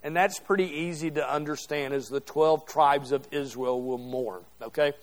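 A man's voice: fairly high pitch, moderate pace. A middle-aged man teaching a Bible class to a group, talking conversationally and checking in with "okay?" as he goes. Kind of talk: interactive Bible class lecture. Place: classroom or church hall with a group.

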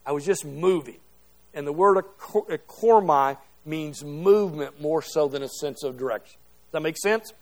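Fairly high-pitched and at a moderate pace, a middle-aged man leads an interactive Bible class for a group. He talks conversationally in a classroom or church hall, pausing to check in with "okay?"

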